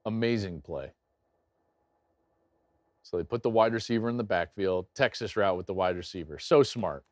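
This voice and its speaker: A middle-aged man hosting a live football watch-along, commenting excitedly on plays and telling stories he acts out loudly. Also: low voice, normal speed, no echo, clean studio sound. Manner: animated, jumps into loud acted-out anecdotes. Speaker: host and game analyst.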